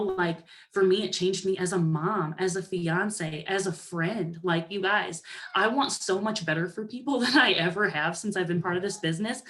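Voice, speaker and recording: A young woman giving a lively pep talk to her team, sassy and animated, often acting out other people's voices. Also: on the low side. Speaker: motivational speaker to a sales team.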